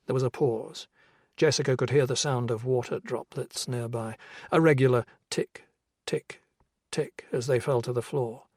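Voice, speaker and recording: A man narrates a crime thriller in a steady, measured way. His voice is husky, at an everyday pitch for a man. The recording is dry, with no room sound. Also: no echo. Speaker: audiobook narrator. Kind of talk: scripted narration.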